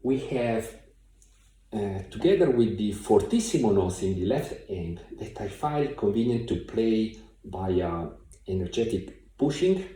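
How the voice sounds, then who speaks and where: A man giving a piano tutorial in a thoughtful, hesitant way, with many pauses and fillers, recorded from a distance in a room with a piano. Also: on the low side, lively intonation. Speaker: piano teacher. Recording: very echoey room, mic far off. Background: piano playing.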